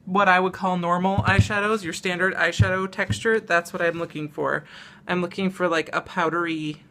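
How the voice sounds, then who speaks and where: A woman's voice: lowish voice, sharp tone. A young woman vlogging about her makeup in a casual, rambling chat full of fillers, showing products as she talks. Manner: chatty and rambling, lots of "um" and "like", laughs often; demonstrates products while talking.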